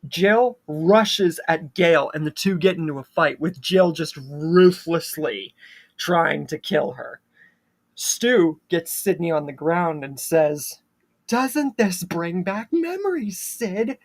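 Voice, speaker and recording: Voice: medium pitch, takes it slowly. A channel host casually retelling a fan-made horror story, with loose fillers between plot beats.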